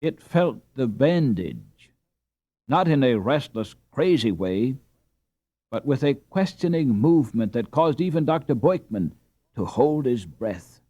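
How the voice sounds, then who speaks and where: A man narrating a classic children's novel in a measured, expressive storytelling manner. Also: medium pitch, breathy edge, dry recording. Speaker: audiobook narrator. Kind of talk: scripted narration.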